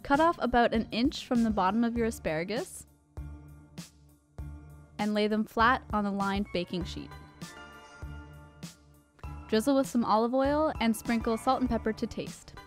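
A woman's voice: a little high, normal speed, long pauses, faint music behind. Young woman narrating a recipe. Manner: enthusiastic, tasting aloud with "mm"s. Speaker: cooking channel co-host. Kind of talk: recipe narration and casual chat.

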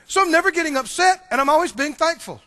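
High-voiced animated male preacher. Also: quick pace. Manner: animated preaching with sudden loud outbursts and soft asides. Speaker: pastor. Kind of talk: sermon.

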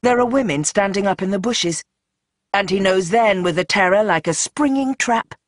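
An audiobook narrator reads with tense drama, rushing through action and slowing into dread. The voice is mid-pitched and the recording is dry and close. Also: animated, no room sound. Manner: tense, dramatic, shifting pace. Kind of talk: scripted narration.

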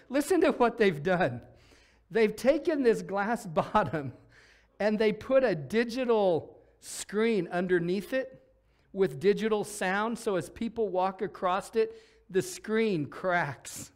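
A man preaching a lively sermon as pastor in a church, acting out voices as he goes. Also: sits high, slow. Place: church sanctuary.

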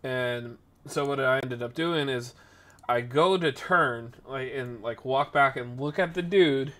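A man hosting a podcast, telling a rambling story in a casual, animated way, correcting himself as he goes and acting out the people in it. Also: measured pace. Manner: animated, acts out the people in his story with jumps in pitch and volume. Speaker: podcast host.

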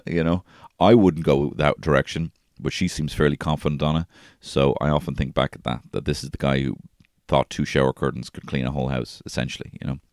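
With frequent restarts, a podcast host in his thirties swears and wanders through casual stories of his own life. His bass voice is steady, brisk and darkish, captured in studio quality without echo.

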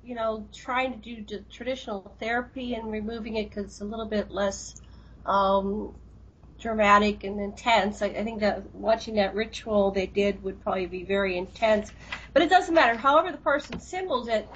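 Female radio co-host, animated storyteller, mid pitch, dull lo-fi audio. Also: moderate pace, a little hiss or hum. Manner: animated storytelling with laughs and restarts. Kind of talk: casual interview chat.

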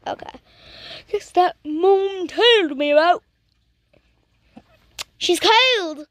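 Young woman, pretty high voice, dry close mic, casual teasing reaction chatter. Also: animated, drawn-out words, fairly bright tone, dry recording. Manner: chatty and teasing, talking back at the screen. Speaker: reaction video host.

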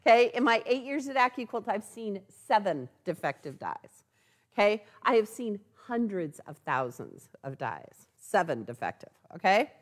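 Chatty and animated, a woman leads a live sewing-store product demo and checks in often by tacking "okay?" onto her lines. She uses a mid-range voice at normal speed.

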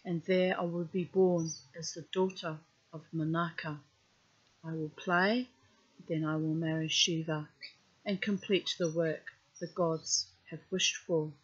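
A woman's voice: low-pitched, fairly even intonation, a little slow, slightly rough. A woman storyteller voicing a proud, wronged goddess making solemn, resolute declarations. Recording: dull lo-fi recording.

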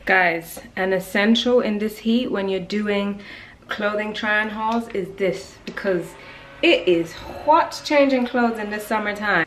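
A woman's voice: medium pitch, far from the mic, a little hiss or hum. Chatty young woman in an echoey room. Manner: chatty and playful, with slang and asides. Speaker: fashion vlogger. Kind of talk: casual haul vlog.

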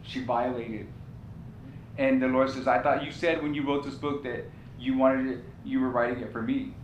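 A man's voice: little pitch movement, a little fast, lo-fi sound. A male pastor preaching a sermon, telling a personal story with passion and repeating key phrases. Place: church sanctuary. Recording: echoey church room with faint rumble.

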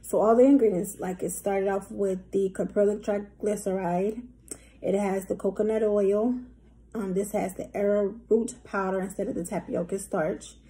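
A woman's voice: mid-range voice, steady tone, moderate pace, mellow. A woman chatting casually to camera at home as a vlogger. She rambles and fills her talk with many ums.

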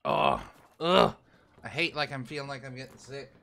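Chatty let's play guy, bright voice, talks to chat while he plays. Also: medium pitch, fairly even intonation, quick pace. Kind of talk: casual gameplay commentary.

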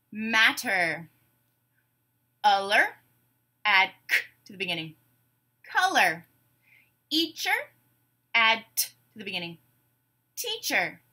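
A woman teacher leading a phonics warm-up for young children, stretching out words and cheering them on with praise. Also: a little high. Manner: slow, drawn-out words with upbeat praise. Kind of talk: phonemic awareness lesson for young children.

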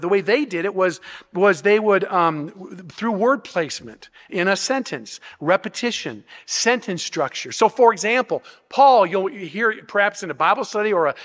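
A male pastor with a high, somewhat bright voice preaches an expository sermon in a church sanctuary, explaining step by step through rhetorical questions. He frequently restarts and repeats words, and long hall reverb fills the recording.

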